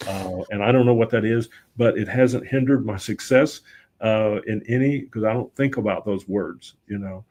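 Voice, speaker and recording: Middle-aged guy, lowish voice, chatty guest spinning stories and quoting himself. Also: normal speed. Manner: animated anecdotes, often quoting himself. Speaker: guest, voice-over and public speaking teacher. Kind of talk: casual conversational storytelling.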